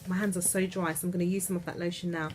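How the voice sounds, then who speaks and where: A woman's voice: lowish voice, flat delivery, rapid-fire, darkish tone, slight background noise. Gushing woman vlogging from bed. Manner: chatty, gushing, trailing off and restarting. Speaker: beauty vlogger. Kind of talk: casual chat to camera. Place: in bed at home.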